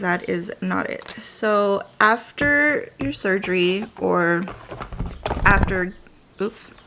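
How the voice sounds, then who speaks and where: A woman's voice: medium pitch, gravelly, a little hiss or hum. Chatty young woman telling a story. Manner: animated, chatty, drops to whispers while applying makeup. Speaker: beauty vlogger. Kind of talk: chatty get-ready-with-me storytelling.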